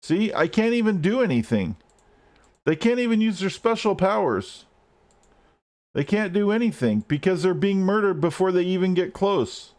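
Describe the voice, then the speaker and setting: A man's voice: high-pitched, animated, moderate pace, a little mellow. A man streaming gameplay live, ranting and swearing at the game as he plays. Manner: frustrated, swearing, rants at the game.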